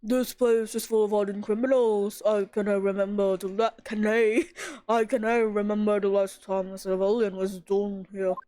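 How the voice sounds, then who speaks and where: A woman voicing a burly, stern male prison governor from a video game. She reads him in a gruff, boastful way and stumbles over some lines. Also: mid-range voice, level tone, normal speed, dark tone, close to an everyday voice.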